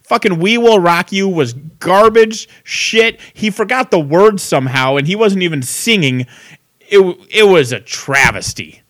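A man's voice: high-pitched, expressive, a little slow, fairly bright tone. A man co-hosting a podcast, chatting casually with a profane, sarcastic, ranting manner. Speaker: podcast co-host. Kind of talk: casual chat.

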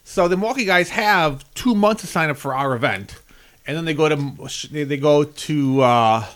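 A man's voice: fairly high pitch, normal speed, fairly bright tone. A man in casual chat with friends, complaining animatedly and swearing freely.

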